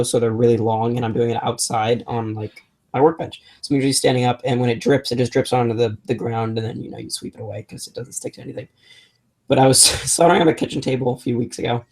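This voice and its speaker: A man's voice: mid-range voice, a little mellow. A young adult man co-hosting a maker podcast, telling rambling stories in casual chat with many restarts. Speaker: podcast co-host.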